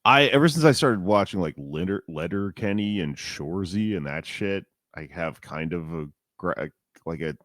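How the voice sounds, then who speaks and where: A man in his forties co-hosting a podcast, chatting casually in a rambling, animated and profane way. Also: low-pitched, moderate pace, dry recording, studio quality. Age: 40s. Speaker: podcast co-host.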